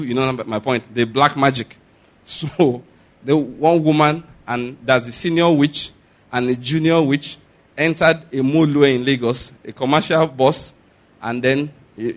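A Nigerian man preaching, who talks in a loose, conversational way with restarts and asides. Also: mid-range voice. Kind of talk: sermon.

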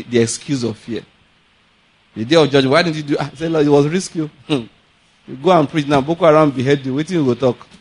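Animated Nigerian preacher, laughing storyteller. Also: male voice, fairly high pitch, slightly rough. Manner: animated storytelling, laughs often, mixes in pidgin. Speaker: pastor. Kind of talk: sermon.

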